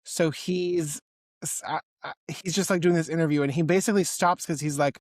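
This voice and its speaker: A man co-hosting a podcast, chatting in an excitable, rambling way full of "like". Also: a little high, fairly quick, no room sound, clean studio sound. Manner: excitable, rambling, heavy use of "like". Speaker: podcast co-host. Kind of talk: casual chat.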